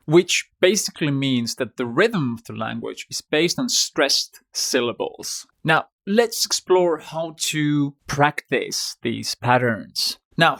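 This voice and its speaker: A young man teaching an online language lesson in a clear, encouraging way, slowing down to stress example sentences. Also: fairly high pitch, a bit bright. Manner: encouraging, instructive, stresses demo sentences slowly.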